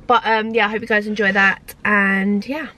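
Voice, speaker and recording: A young woman vlogger chatting excitedly, first while driving a car and later in a studio. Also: medium pitch, normal speed. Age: young adult. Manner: excitable, chatty, exclaims a lot. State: out of breath. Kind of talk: casual chat. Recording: noisy car and street background.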